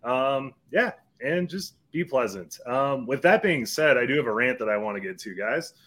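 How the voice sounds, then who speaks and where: A man's voice: mid-range voice, expressive, normal speed, fairly bright tone. A man hosting a fantasy football podcast, ranting in a heated, profane way. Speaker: podcast host. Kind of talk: casual chat.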